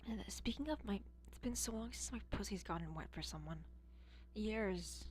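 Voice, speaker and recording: American woman streaming, swears a lot, rambles and thinks out loud, bit of hum behind her. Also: medium pitch, expressive, fast talker. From United States. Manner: blunt and profane, rambling and musing aloud. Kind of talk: casual chat.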